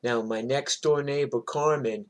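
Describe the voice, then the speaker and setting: A man telling a story in a casual, animated, chatty way. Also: medium pitch, unhurried.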